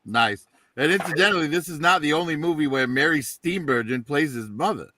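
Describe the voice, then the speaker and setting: A man's voice: on the high side, expressive, a little fast, sharp tone, slight background noise. A man hosting a casual panel chat, dry and wry as he moves the talk along to the next pick. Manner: dry, wry, steers the show. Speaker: host.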